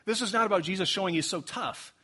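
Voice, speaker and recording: A young man preaching with a slightly raised, husky voice. He talks in a loose, conversational way, laughing as he goes and acting out little quotes to drive his points home. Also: sits high, fast, bright, forceful tone. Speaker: pastor. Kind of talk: sermon.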